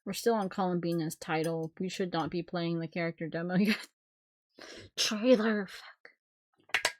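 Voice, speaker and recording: A woman streamer reacting casually on a live stream, expressive and swearing, often laughing. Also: lowish voice, normal speed, no room sound, studio quality.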